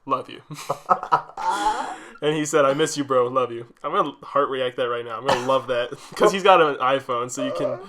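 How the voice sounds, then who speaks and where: Bright-voiced giggly young man. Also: mid-range voice, moderate pace. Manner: giggly, rambling, often laughing. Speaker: podcast co-host. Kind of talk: casual podcast banter.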